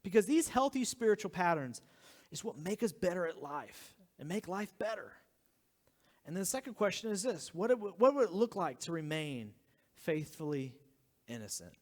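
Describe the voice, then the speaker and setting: A man in his thirties preaching a sermon as a pastor, talking earnestly and dropping to a hushed whisper for emphasis. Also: high voice, animated, moderate pace. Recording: long hall reverb.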